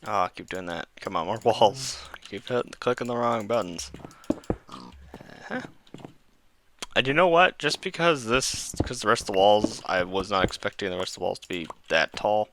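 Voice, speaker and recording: A man's voice: fairly low pitch, animated, normal speed, noisy background. A man casually commenting while playing a building game, rambling, correcting himself and talking to his viewers. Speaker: gaming channel host.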